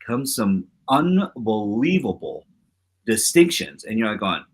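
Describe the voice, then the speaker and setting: A man with a husky voice co-hosts a casual talk. His pitch swings widely as he makes his points emphatically, and he acts out quotes from his stories. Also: sing-song, a little slow. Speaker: co-host. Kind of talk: casual chat.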